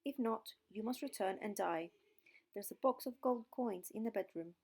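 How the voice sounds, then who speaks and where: A terrible, angry beast from a storybook who speaks in stern commands, read by a woman narrator. The voice sits at a moderate pitch with a gravelly texture. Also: normal speed, a little mellow.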